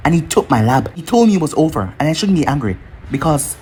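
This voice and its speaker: A man's voice: on the high side, big pitch swings, fast, a little mellow, slight background noise. A synthetic male narrator voicing a bitter, brooding villain who resents those who wronged him. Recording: faint music underneath.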